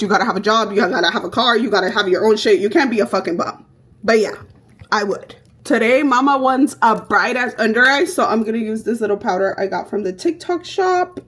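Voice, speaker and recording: A young woman vlogger chatting through her makeup routine, telling stories in a brash, profane, animated way. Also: fairly high pitch, slightly rough. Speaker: beauty vlogger. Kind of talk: casual get-ready-with-me chat.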